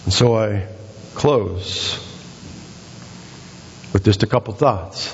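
A male pastor preaching a sermon in a church, building to excited, emphatic exhortations with repeated phrases. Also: fairly low pitch, slow pace, slight background noise. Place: church sanctuary. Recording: dull sound with long hall reverb.

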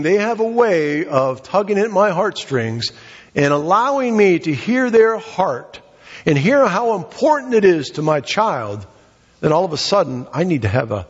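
Husky-voiced preacher man in an echoing hall. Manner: emphatic preaching that rises high on exhortations and drops low for asides. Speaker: pastor. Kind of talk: sermon. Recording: dull sound with long hall reverb.

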